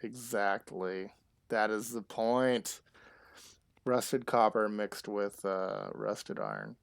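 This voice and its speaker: Male streamer, rambling live gameplay chat, slow drawl, gravelly fry, dry close sound. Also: lowish voice, sing-song, no echo. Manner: rambling, chatty asides to chat.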